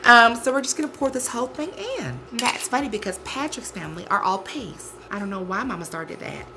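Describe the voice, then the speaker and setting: A man's voice: very high voice, expressive, a little fast, background noise. A man performing a bubbly, sassy woman who hosts a holiday cooking show, cheerful and campy, calling the viewers "y'all".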